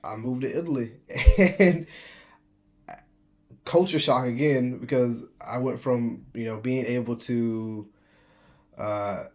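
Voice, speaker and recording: Young American vlogger, mid-pitched voice, laughs a lot, stumbles through quick restarts. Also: male voice, a little mellow. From United States. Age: 20s. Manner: chatty, laughing often, frequent restarts. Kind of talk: casual personal storytelling.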